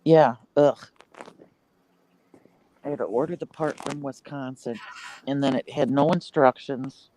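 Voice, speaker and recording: A man's voice: mid-range voice, steady tone, a little slow, pauses often, noisy background. A man co-hosting a casual livestream, tired and sighing, telling easygoing stories. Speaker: livestream co-host.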